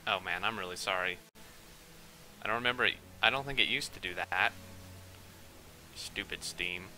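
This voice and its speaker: A young man giving rambling, excitable gameplay commentary at his computer, quick to get worked up. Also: sits low, low-quality recording. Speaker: let's play gamer.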